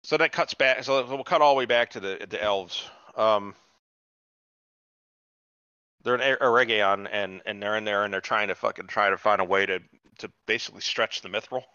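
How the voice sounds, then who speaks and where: A man co-hosting a casual podcast, animated and profane, acting out characters as he retells scenes. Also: lowish voice, brisk, few pauses, clean tone, no room sound, dull audio. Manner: animated, swears a lot, acts out characters mid-story. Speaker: podcast co-host. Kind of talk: casual profane recap chat.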